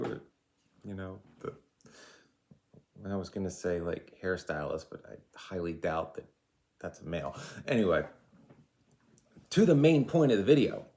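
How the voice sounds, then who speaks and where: A vlogger and life coach in his forties, with a very low, deep voice, delivers a casual, fired-up to-camera rant to his viewers. He speaks passionately and rambles, tossing in asides along the way.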